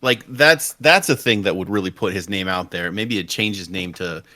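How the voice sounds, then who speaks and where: A man's voice: deep voice, normal speed, no echo, clean studio sound. A man playing in a streamed tabletop role-playing game, joking and riffing playfully with the group. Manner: playful and animated, riffing on jokes. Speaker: player.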